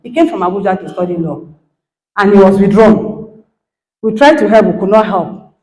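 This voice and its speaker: A middle-aged woman with a Nigerian accent, giving an animated motivational talk that acts out quoted dialogue and checks in with her listeners. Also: medium pitch, moderate pace, echoey room, rough recording. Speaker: guest speaker, lecturer.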